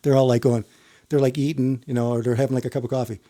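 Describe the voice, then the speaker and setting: A man's voice: medium pitch, steady tone, quick pace, mellow. A man who works as a firefighter, telling a long story in casual chat with many restarts and casual swearing. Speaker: firefighter guest.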